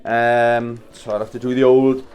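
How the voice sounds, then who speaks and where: A man's voice: medium pitch, little pitch movement, a little slow, a little mellow, slight background noise. A man in his thirties casually telling a story while wrapping presents, swearing and chuckling as he talks. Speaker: vlogger. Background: Christmas music playing faintly.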